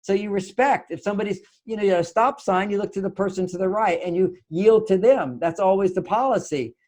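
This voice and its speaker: A man's voice: sits high, fairly quick. An older man, a relationship author, telling stories animatedly in an interview and acting out both sides of the conversations. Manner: lively, acts out both sides of conversations, laughs often.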